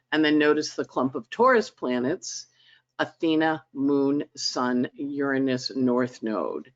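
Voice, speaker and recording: A woman's voice: low voice, dull audio. A woman hosting a weekly astrology forecast in a chatty, dramatic way over a conference call. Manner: animated, chatty, dramatic emphasis. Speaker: astrologer host. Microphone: conference call line.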